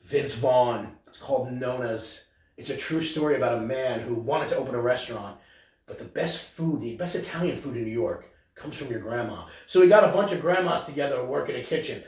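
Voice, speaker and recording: A man's voice: mid-range voice, a little fast, darkish tone. Profane ranting man in an echoey room. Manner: profane, ranting, slips into mocking voices. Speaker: podcast co-host. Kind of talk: crude casual podcast banter.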